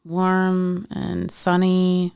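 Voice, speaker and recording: Gravelly, laughing podcast co-host. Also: medium pitch, monotone, drawn-out words, darkish tone, no room sound, studio quality. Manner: laughs easily, chatty. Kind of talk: casual podcast chat.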